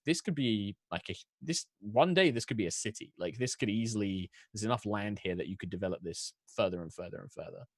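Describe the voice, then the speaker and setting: Rambling male DM, animated pitch, dry. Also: a little fast, hardly any pauses, no echo. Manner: rambling, many fillers and restarts. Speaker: dungeon master. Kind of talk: narrating a tabletop game.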